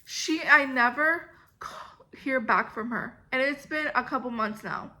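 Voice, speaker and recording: A young woman tells a long, meandering story about bad jobs, filling every pause with "like" and "um". Her voice sits high and bright. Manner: rambling, filler-heavy storytelling. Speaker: vlogger. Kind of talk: storytime vlog.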